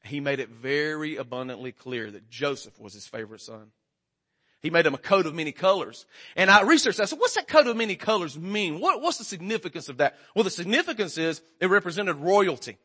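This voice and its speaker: Pastor, male, 40s: high, forceful voice, chatty and jokey, keeps checking in with the crowd. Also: animated, fairly quick, slightly rough. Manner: conversational, joking, quizzes the congregation. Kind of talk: sermon.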